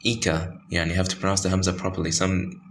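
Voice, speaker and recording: Tajweed teacher, man, very low voice, halting delivery full of fillers, faint room hum. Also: monotone. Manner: halting, many fillers and self-corrections. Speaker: Quran recitation teacher. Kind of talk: informal tajweed lesson with screen pointing.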